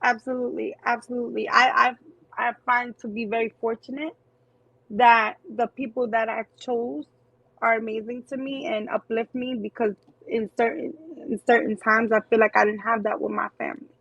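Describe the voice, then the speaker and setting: High, husky New woman, lively. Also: normal speed, no room sound, highs cut off. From New York City. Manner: animated, slangy, repeats phrases. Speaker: guest. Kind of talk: casual interview chat. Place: home, livestream.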